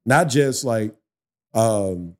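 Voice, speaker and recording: A man, a barber, talking in a casual podcast conversation in a barbershop, animated and preachy, swearing freely as he tells stories. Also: on the low side, extremely slow.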